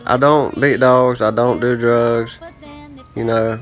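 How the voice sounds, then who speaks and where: A man rambling through a casual vlog story at a mid-range pitch. His talk is loose and profane, full of "I'm like" asides. Faint guitar music plays behind him. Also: fairly even intonation, takes it slowly. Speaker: vlogger.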